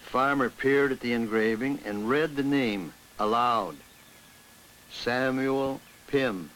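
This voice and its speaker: A man reading a ghost story aloud in a measured way, slowing down for suspense. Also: medium pitch, fairly bright tone, a little hiss or hum, poor audio. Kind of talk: scripted ghost story narration. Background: instrumental music.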